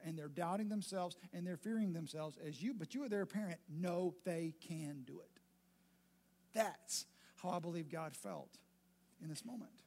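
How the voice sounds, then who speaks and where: High-voiced, emphatic man preaching. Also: normal speed, a little mellow. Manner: conversational, emphatic, repeats phrases for stress. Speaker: pastor. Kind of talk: sermon.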